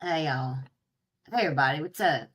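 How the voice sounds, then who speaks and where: A woman telling a story to her viewers in a casual, animated way, swearing freely and laughing at herself. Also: sits low, brisk, slightly rough. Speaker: streamer talking to live chat.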